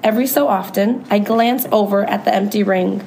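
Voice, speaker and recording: A woman who teaches third grade, reading a children's book aloud with friendly, expressive commentary. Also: mid-range voice, a little fast, vocal fry, a little hiss or hum, low-quality recording.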